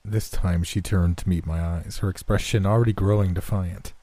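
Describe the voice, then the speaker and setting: A man narrating a first-person horror story in a steady, measured, subdued way. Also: low voice, no echo.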